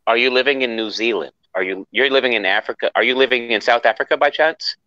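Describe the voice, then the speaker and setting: A man's voice: mid-range voice, fast talker, no room sound. A man hosting a casual voice chat, joking and quizzing the other callers. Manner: joking, lively questioner. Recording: dull, dry mic sound.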